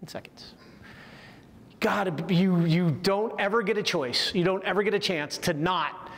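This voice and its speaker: High-voiced man lecturing in a reverberant hall. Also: normal speed. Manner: lively, asks the audience frequent rhetorical questions. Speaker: communication course instructor. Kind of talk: leadership training talk to military officers. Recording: echoey hall with long reverb.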